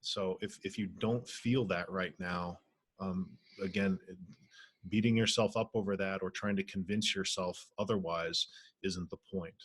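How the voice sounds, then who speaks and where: A man who teaches spirituality, leading an online healing circle in a gentle, reflective way, pausing often on fillers. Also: deep voice, fairly even intonation, husky, no echo. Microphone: video call.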